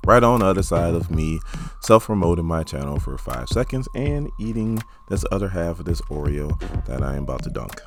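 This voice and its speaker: Very deep-voiced man reviewing a movie. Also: moderate pace, soft background music. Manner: joking, animated storytelling. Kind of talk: casual video commentary.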